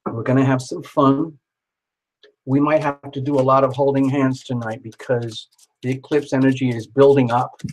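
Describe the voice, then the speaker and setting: A man in the middle of a casual live stream, reading tarot for viewers. His voice sits at an ordinary pitch, and his talk runs chatty and excitable, full of jokes and asides to the people watching. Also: moderate pace, low-quality recording.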